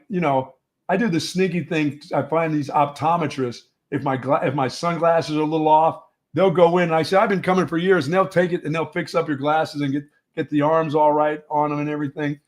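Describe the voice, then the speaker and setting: A man co-hosts a sports talk show in loose, casual banter. His voice sits slightly high for a man, and he rambles through stories, stumbling and restarting his words. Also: fairly even intonation, fairly quick. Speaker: sports radio co-host.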